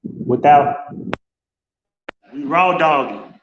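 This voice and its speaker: Brief: male streamer, casual and profane, slightly high voice, roomy lo-fi sound. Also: extremely slow. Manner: profane, loose and talkative, greeting chat viewers. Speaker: live-stream host. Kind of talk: casual live-stream chat. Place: home office. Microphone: without headset, room mic. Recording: echoey room, dull lo-fi sound.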